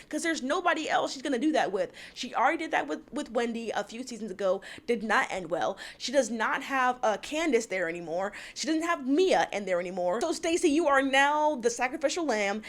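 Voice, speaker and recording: A woman giving a casual, gossipy recap of a reality TV episode, acting out the cast's lines and laughing often. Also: a little high. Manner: animated, gossipy, quotes cast members in voices, laughs often.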